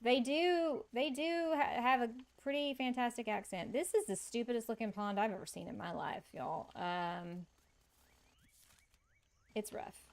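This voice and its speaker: A woman's voice: fairly high pitch, unhurried. Chatty woman streaming a game. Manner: chatty, laughs often, reads and answers chat. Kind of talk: casual gaming stream chat.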